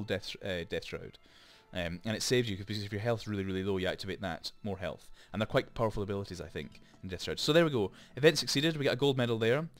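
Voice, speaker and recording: Low-voiced man talking through a game. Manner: chatty, rambling explanations with frequent asides. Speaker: gaming channel host. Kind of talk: let's play commentary. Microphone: desk microphone.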